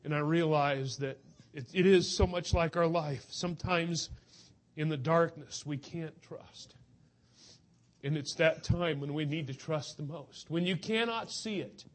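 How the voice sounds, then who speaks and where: Earnest preacher, slightly high-voiced man. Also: a little slow. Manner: earnest, emotional, urging. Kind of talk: sermon.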